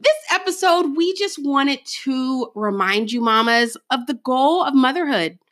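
A woman's voice: high voice, expressive, a little slow, a bit bright. A woman co-hosting a casual talk show, sassy and emphatic. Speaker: podcast co-host. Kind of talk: casual chat.

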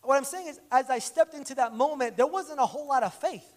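A man preaching a conversational sermon, telling stories in an animated way and acting out the dialogue. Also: very high voice, a little fast.

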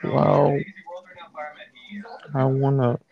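A bashful teenage girl asks for advice, as a man voices her in a fan role-play. She speaks slowly and haltingly, in a slightly raised, middling voice. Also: medium pitch, level tone, vocal fry, highs cut off, crowd noise, exaggerated voice. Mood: shy. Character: teenage girl, shy and hopeful.

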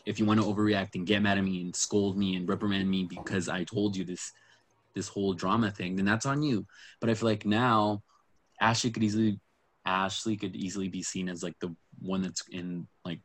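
A man's voice: sits low, fairly even intonation, brisk. A man in casual, rambling chat about a reality show, full of fillers and asides. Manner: chatty, rambling, lots of fillers and quoted asides.

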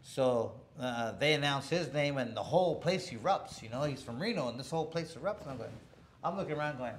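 A man's voice: on the high side, animated, moderate pace, slight background noise. A middle-aged man telling a boxing story in a casual interview, rambling with many restarts and chuckling along the way. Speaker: former boxer telling a story.

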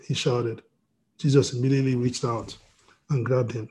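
A pastor reading scripture and preaching over a video call, with frequent restarts and "you know". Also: male voice, mid-range voice, little pitch movement, normal speed, warm tone, breathy edge.

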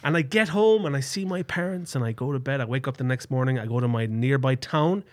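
A man's voice: mid-range voice, fast. A young Irish man chatting casually, telling stories with swearing and acted-out voices. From Ireland. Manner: animated storytelling, swearing, acts out voices. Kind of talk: casual chat.

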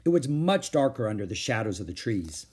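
A man reading a children's chapter book aloud, narrating gently and expressively. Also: on the low side, big pitch swings, brisk, husky. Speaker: audiobook reader. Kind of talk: storybook read-aloud narration.

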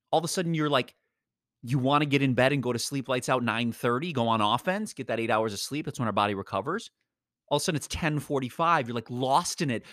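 A man hosting a podcast, giving an energetic, rambling motivational talk full of slang. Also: a little high, no echo, studio quality. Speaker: podcast host. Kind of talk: casual motivational monologue.

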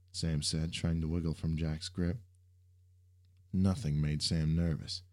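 A man reading a story aloud as its narrator, with a steady storytelling manner. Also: a bass voice, unhurried, pauses often. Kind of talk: audiobook narration.

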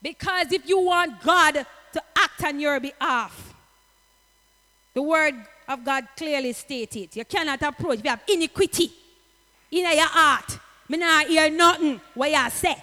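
A woman preaching a sermon, dropping into patois and rising to shouts. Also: high voice, measured pace, in a large hall. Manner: impassioned, slips into patois, rises to shouts.

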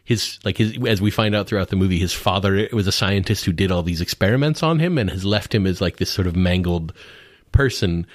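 A man's voice: deep voice, brisk, no room sound, studio quality. A man co-hosting a podcast, talking casually about movies with many restarts and fillers. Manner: laughs while describing scenes. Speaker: podcast co-host. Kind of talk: casual film discussion.

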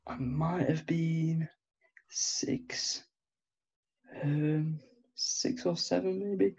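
Slow gravelly podcast man. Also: steady tone, darkish tone, muffled recording. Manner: slow, low-key, hesitant. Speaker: podcast co-host. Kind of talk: casual storytelling chat.

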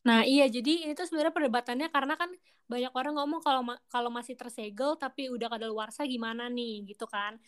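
A young woman radio host talks quickly in a chatty, slangy and eager way, moving between reading news items and easy banter. Her voice sits a little higher than most women's. She sounds at home in a radio studio. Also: clear, resonant tone.

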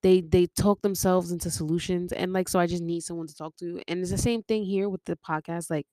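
A young woman talks through her own story on her podcast, rambling from one tangent to the next and breaking into laughter. Her voice sits on the lower side for a woman. The sound is dry and close, with no room echo. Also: steady tone, fairly quick, dark tone. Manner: rambling, jumps between tangents, laughs often. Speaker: podcast host. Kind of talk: casual confessional monologue.

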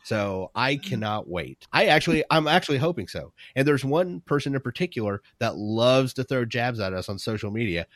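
A man's voice: mid-range voice, expressive, moderate pace, hardly any pauses, a bit bright, dry recording, studio quality. A man co-hosting a podcast in casual chat, swearing freely and poking fun at himself. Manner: profane, self-deprecating. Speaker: podcast co-host.

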